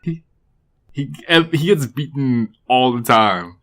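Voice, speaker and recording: A man's voice: mid-range voice, lively intonation, slow pace, a bit bright. A young man co-hosting a casual podcast, hedging his claims and playfully protesting. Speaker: podcast co-host.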